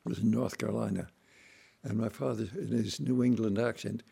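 A man telling family stories in a relaxed, folksy way, acting out voices and sounds as he goes. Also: on the low side, fairly quick, creaky, slightly rough. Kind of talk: relaxed anecdotal storytelling.

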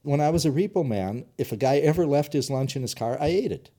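Man, former private eye, interview guest, animated, mellow voice. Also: a little high, fast. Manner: animated, storytelling, blunt. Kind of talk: casual interview talk.

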